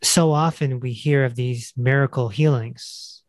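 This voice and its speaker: A man's voice: medium pitch, steady tone, unhurried, no room sound. A man hosting a podcast, talking in a reflective, conversational way. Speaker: podcast host. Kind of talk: casual interview conversation.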